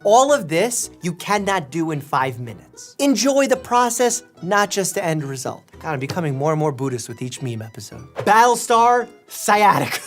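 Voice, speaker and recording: A man's voice: a little high, a bit bright. A man in his thirties, a doctor, casually reacting to memes in a playful, jokey way, laughing often and sometimes stopping to explain medical facts. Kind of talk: casual meme reaction commentary.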